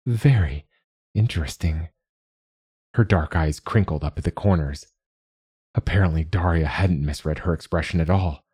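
A man narrating a story as an audiobook reader, in a measured, even storytelling manner. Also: extremely low pitch, slightly rough, no echo, studio quality. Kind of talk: scripted narration.

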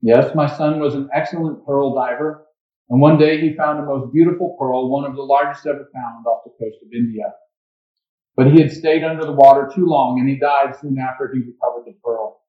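A grieving old pearl diver speaks slowly and earnestly, as a preacher reads him in a story. The sound is dull and echoey, like a church recording with mic trouble. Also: male voice, medium pitch, fairly even intonation, close to an everyday voice.

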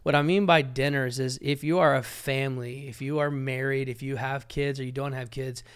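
A man's voice: medium pitch, steady tone, normal speed, clean tone. A man co-hosting a podcast as a pastor, talking casually with blunt jokes and preachy asides.

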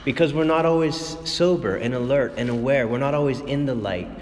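A man preaching a sermon in a church, passionate, his voice dropping to a hush and then rising again. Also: mid-range voice, fairly quick, in a large hall. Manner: impassioned, swings between hushed and raised. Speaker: priest.

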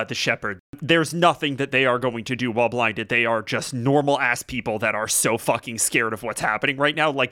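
A man's voice: medium pitch, pushed and bright. A man narrating a tabletop role-playing game as game master, casual and improvising with lots of fillers.

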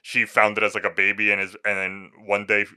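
A man's voice: fairly low pitch, brisk, smooth. A man co-hosting a movie review podcast in casual chat, ranting and swearing freely. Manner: profane, ranting, animated. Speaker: podcast co-host.

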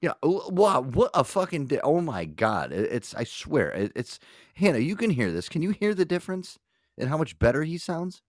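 A man's voice: a little high, big pitch swings, moderate pace, no echo, clean studio sound. A man hosting a podcast in casual, profane banter, laughing often and swearing freely. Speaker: podcast host.

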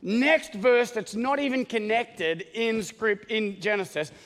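A man preaching a sermon as pastor, joking and animated, often checking in with the congregation with "okay?". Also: high voice, slow pace, big-room sound. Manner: joking, animated, talks straight to the congregation with many "okay?" asides.

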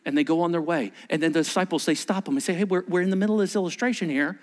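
Racing through his sermon in a fairly high voice, a male preacher acts out dialogue and shifts between loud bursts and near-whispers.

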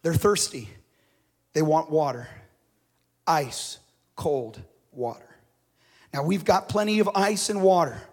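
Male reader as prairie shopkeeper's wife, eager, practical; slightly high, storybook telling. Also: expressive, slow, pauses often, full character voice. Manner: eager, practical, explaining an idea. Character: plainspoken prairie storekeeper's wife.

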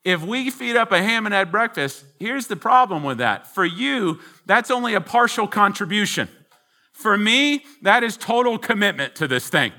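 A man's voice: high-pitched, big pitch swings, normal speed, bright, forceful tone, voice pushed up, exaggerated voice. A man voicing a dry, matter-of-fact pig in a joke he tells during a sermon. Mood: wry.

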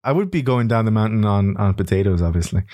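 Low-voiced man with dry humor. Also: lively intonation, fast talker, mellow. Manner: dry self-mocking humor, hesitant fillers. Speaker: podcast guest, copywriter. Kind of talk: casual chat. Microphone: studio mic.

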